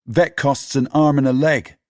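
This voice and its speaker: A man voicing an upset young boy who loves dogs and ends up shouting in rage and grief. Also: medium pitch, fairly even intonation, a little slow, dry recording, studio quality, voice pushed up, lightly acted. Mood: upset, insistent. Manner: shouts and screams in fury.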